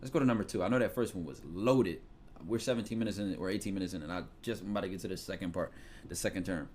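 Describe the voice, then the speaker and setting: A man's voice: deep voice, racing, a little hiss or hum. A man with a Philadelphia accent giving casual advice in loose, slangy talk with swearing. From Philadelphia, USA. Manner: loose, slangy, profane, animated storytelling. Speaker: podcast host giving advice.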